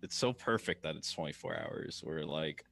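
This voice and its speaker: A man's voice: extremely low pitch, normal speed, creaky, fairly bright tone. A young man co-hosting a podcast in casual chat, a laid-back listener with chuckles and short replies. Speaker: podcast co-host.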